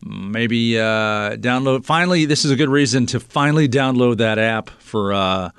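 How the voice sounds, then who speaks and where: A man's voice: mid-range voice, moderate pace, a bit bright, smooth, dry recording, clean studio sound. A man hosting a public affairs radio show, chatting casually with many fillers.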